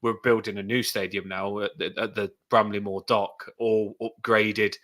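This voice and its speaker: A man's voice: lowish voice, level tone, normal speed, a bit bright. A man, a guest talking earnestly and enthusiastically about football. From England. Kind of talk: casual conversation.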